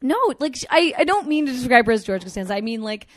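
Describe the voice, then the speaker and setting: A woman from Canada, a guest comedian in a casual podcast chat, telling stories in an animated way and laughing often. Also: on the high side, fast, dry recording. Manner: chatty, animated storytelling with frequent laughs.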